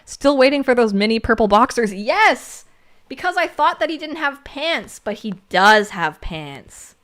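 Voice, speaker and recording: A woman co-hosting a livestream, reading viewer comments aloud in casual chat. She laughs often and jumps to squeaky exclamations. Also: very animated, measured pace, fairly bright tone. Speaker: livestream co-host.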